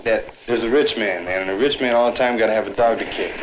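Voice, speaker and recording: A man's voice: lowish voice, quick pace, roomy sound. A streetwise man talking intensely in a group, punctuating his sentences with "man.". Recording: noisy 1960s film sound.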